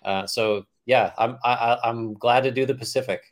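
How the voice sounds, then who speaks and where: A man's voice: medium pitch, steady tone, moderate pace. A man co-hosting a casual sports podcast in an easygoing, joking way. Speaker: podcast co-host.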